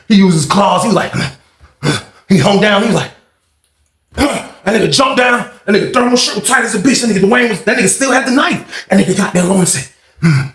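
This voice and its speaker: A man hosting a storytime channel, telling a prison story in a profane, excitable way and acting out the fights with sound effects. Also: sits high, a little fast. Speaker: storytime host. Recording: roomy echo.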